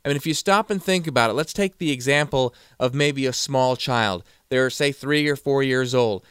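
A man's voice: medium pitch, normal speed, fairly bright tone, clear, resonant tone, no echo, studio quality. A man giving a motivational talk, telling stories and acting out the quoted voices. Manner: storytelling, acts out quoted voices. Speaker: motivational speaker.

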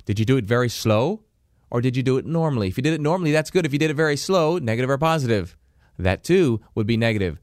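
A man giving a motivational self-help lesson, animated and quizzing the listener with questions. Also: medium pitch, fast, dry recording, studio quality. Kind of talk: motivational teaching talk.

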